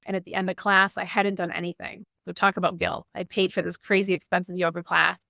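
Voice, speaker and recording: Woman in her thirties, interview guest, gravelly voice, dry close recording, candid storytelling. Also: fairly low pitch, flat delivery, a little fast, sharp tone, no room sound. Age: 30s. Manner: candid, earnest storytelling with frequent "like".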